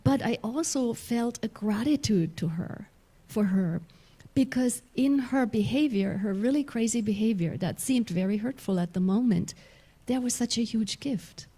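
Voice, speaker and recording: A woman's voice: on the high side, normal speed, dark tone, breathy edge. A woman minister from Germany, giving a sermon. She tells a personal story, laughs often and restarts her sentences.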